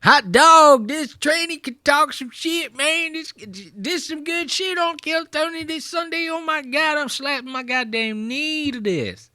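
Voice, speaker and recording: A man playing a rowdy Texan audience member who whoops at the jokes. The voice jumps far above his own and sounds bright. It comes across dry and from a little way off the mic. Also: extremely high pitch, measured pace, hardly any pauses, no room sound, voice pushed up, exaggerated voice. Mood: whooping.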